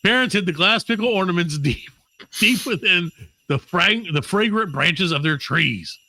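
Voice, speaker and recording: A man hosting a comedy podcast, his bright, fairly high voice leaping up and down as he reads trivia. He switches between loud outbursts and muttered asides, swearing freely. The sound is dry and close to the mic. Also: moderate pace, no room sound, poor audio. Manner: animated, swings between loud bursts and mutters, profane. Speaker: podcast co-host. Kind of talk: comedic banter reading trivia.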